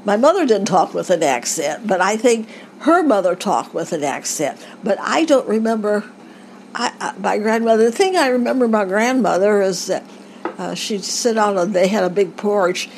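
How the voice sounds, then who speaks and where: Older woman interviewee, halting rambling reminiscence, faint background hiss. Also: medium pitch, animated, rough recording. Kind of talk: family oral history recollection.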